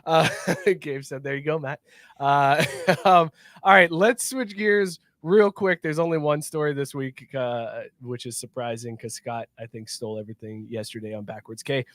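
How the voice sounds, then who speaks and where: A man's voice: mid-range voice, moderate pace, a bit bright, dry recording. Laughing male podcast host, dry sound. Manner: laughs often, eager storyteller. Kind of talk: casual podcast banter.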